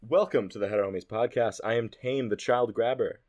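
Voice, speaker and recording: A young adult man hosting a casual podcast chat, joking loudly and breaking into laughter. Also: mid-range voice, brisk. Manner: loud, joking, laughing outbursts. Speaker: host.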